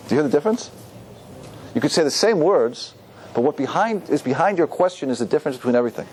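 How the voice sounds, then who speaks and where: A man's voice: on the high side, fast, a little hiss or hum. A man, a rabbi, teaching a Torah class and asking his listeners questions. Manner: animated, asks the audience questions.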